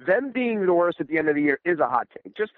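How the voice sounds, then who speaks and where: A man giving casual sports podcast banter as a football analyst, teasing and quick to jump in. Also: on the high side, big pitch swings, no echo. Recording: tinny phone-like line.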